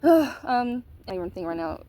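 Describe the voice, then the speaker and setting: A woman's voice: on the high side, sing-song, moderate pace, warm tone, low-quality recording. A woman telling a personal story in a casual, candid monologue, swearing casually. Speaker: vlogger.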